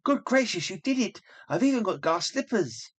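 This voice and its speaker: A man voicing Lois Lane as a curious, suspicious young woman while reading a comic book aloud, with excited, questioning exclamations. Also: on the high side, brisk, husky.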